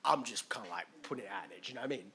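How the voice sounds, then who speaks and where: A man's voice: lowish voice, lively intonation, very fast, sharp tone, slight background noise. A man giving an informal, conversational sermon, often asking his listeners questions. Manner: conversational, asks listeners questions, acts out quoted voices. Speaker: preacher.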